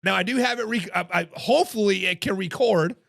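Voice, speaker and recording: A man hosts a casual sports talk live stream, chatting with viewers in the chat. His voice sits high and is heavily gravelly and hoarse. The recording is dry and close. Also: a little fast, fairly bright tone, no room sound. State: hoarse from coaching. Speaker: podcast host.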